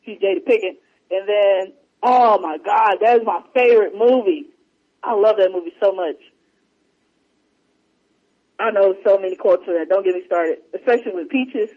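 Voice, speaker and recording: A woman chatting casually about a favorite movie, excitedly retelling scenes and acting out the lines. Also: mid-range voice, moderate pace, pauses often. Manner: animated, acts out quotes in different voices. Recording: muffled lo-fi recording.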